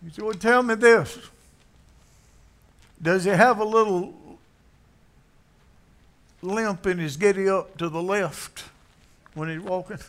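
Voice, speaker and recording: A man's voice: sits high, slow, pauses often, a bit bright. A man preaching a sermon, telling a story in a folksy way and acting out its characters. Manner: folksy, acts out voices in the story.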